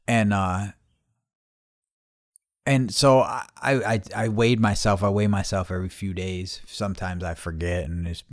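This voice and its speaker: A man's voice: lowish voice, no echo, clean studio sound. A man hosting a casual solo podcast from his garage, rambling and swearing freely while poking fun at himself. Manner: rambling, profane, self-mocking. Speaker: podcast host.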